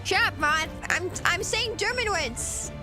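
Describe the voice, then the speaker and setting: A woman's voice: extremely high pitch, expressive, measured pace. A woman streamer giggling through a casual reaction stream, sounding out place names as she goes. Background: background music.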